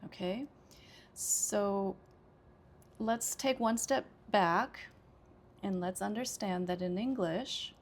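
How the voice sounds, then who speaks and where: A woman's voice: medium pitch, slow pace, long pauses. An American woman teaching an English pronunciation lesson, explaining patiently with frequent "okay" and small hesitations. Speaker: ESL teacher.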